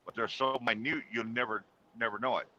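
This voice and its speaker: A man's voice: medium pitch, steady tone, brisk, sharp tone, a little hiss or hum, poor audio. A man casually telling a personal story in a chat, rambling with fillers and restarts.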